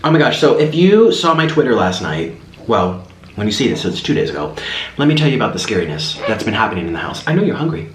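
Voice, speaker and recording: A young mukbang host with a lowish voice talks fast, telling rambling, animated stories while he eats at home. The casual chat is recorded on his camera's built-in mic, with no separate mic, so the room sounds echoey with faint hiss.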